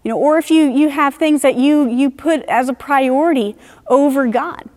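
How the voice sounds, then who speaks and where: A high-pitched woman delivers a sermon with earnest, chatty warmth, dropping in frequent asides as she explains scripture. Her voice carries a long reverb, as if she is speaking in a large hall. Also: moderate pace. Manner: conversational, earnest, many "you know"s. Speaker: preacher.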